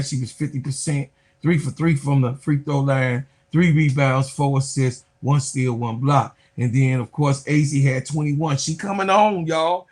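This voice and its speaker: A man giving casual basketball commentary to his viewers in an animated way, talking to them directly and drifting into asides. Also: a little high. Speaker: sports commentator.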